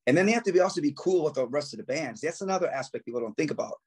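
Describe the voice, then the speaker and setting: Male musician guest, slightly high voice, casual raunchy anecdotes. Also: animated, very fast, darkish tone, breathy edge. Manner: profane storytelling, acts out quotes, laughs often. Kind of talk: casual podcast chat.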